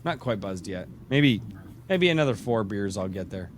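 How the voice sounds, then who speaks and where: A man's voice: on the low side, animated, normal speed, a little hiss or hum. A middle-aged man hosting a podcast, chatting casually in a rambling way and joking while drinking beer, his voice tired. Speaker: podcast host. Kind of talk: casual live-stream chat.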